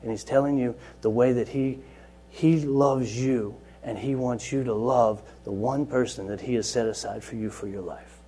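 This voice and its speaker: A man who leads Bible study at a juvenile center, giving an earnest personal testimony that moves between quiet and loud, lively telling. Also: mid-range voice, normal speed, a little hiss or hum. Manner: earnest storytelling, swings from soft to loud and lively.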